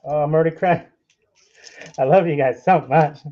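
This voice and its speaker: In his home kitchen, a young cooking channel host streams live, bantering with his audience while he works. He speaks at a moderate pace in a fairly high, warm voice, and the recording has its highs cut off.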